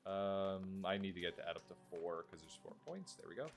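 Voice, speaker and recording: A man's voice: sits low, expressive, normal speed, faint music behind. A man streaming a video game, rambling through casual, self-deprecating commentary. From United States. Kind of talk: casual let's play commentary.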